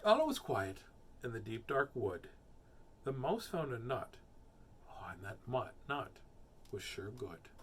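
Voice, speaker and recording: A middle-aged man hosting a nightly livestream, reading a picture book aloud and chatting in an animated, playful way. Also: mid-range voice, slow, pauses often, husky.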